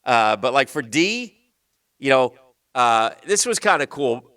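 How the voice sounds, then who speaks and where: A male sports radio host with a slight Southern US accent, rambling in loose banter and sinking into a low mutter. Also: sing-song, a little slow, fairly bright tone, no echo. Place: radio studio. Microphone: studio microphone.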